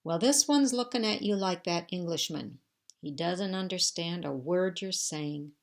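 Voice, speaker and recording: A woman's voice: fairly low pitch, a little slow. A woman reading aloud, voicing a wartime rescue worker who teases and doubts his partner. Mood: teasing. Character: teasing wartime rescue worker man, skeptical.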